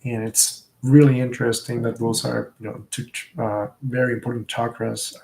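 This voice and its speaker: A man's voice: mid-range voice, little pitch movement, vocal fry, darkish tone. A man vlogging live in a casual, reflective way, often stopping and restarting his sentences. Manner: halting and reflective, with frequent restarts.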